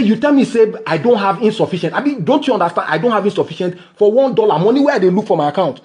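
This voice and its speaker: A man's voice: high-pitched, big pitch swings, racing, hardly any pauses, a little mellow, slightly rough. A Nigerian man hosting his own podcast, giving an indignant solo rant that slips into Pidgin. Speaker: podcast host.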